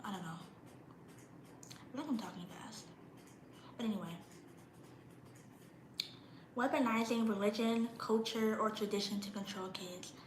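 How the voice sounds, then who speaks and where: Talking a little slowly and pausing often, this young woman has a mid-range voice and a blunt, slangy style. In her casual vlog monologue she shivers a bit from the cold and drops into mocking parent impressions, with roomy sound and a noisy background.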